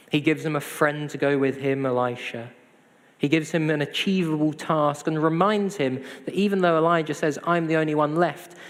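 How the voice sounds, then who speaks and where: Man preaching in a reverberant hall. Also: medium pitch. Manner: conversational, self-deprecating humor. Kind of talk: sermon.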